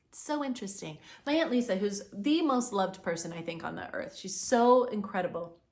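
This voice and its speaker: A young woman giving a spiritual, motivational talk as a manifestation teacher. She is earnest and effusive, rambles with restarts, and swings between soft near-whispers and bright emphatic bursts. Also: medium pitch, moderate pace.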